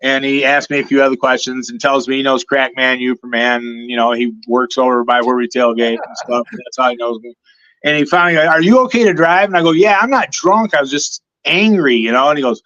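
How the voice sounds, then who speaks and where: A man from the Detroit area chatting as a guest on a podcast, telling lively stories and acting out what other people said. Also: mid-range voice, quick pace, muffled recording. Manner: storytelling, animated quoting of others. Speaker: guest superfan. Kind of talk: casual podcast chat.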